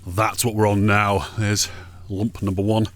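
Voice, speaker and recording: A man's voice: on the low side, flat delivery, unhurried, no room sound. Chatty man hiking. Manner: chatty, jokey, rambling asides. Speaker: hiking vlogger. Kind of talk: casual walking commentary. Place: outdoors on a mountain ridge.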